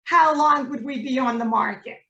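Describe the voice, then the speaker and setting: A woman's voice: high voice, moderate pace, pushed and bright, far from the mic, lo-fi sound. A woman playing a listing agent in a training role-play, earnest and a little hesitant. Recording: echoey room, voice from afar.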